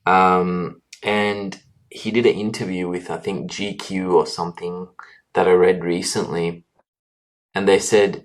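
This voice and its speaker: Deep-voiced earnest man reflecting. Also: little pitch movement. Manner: earnest, halting with restarts and fillers. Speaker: guest, doctor. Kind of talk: reflective interview answers.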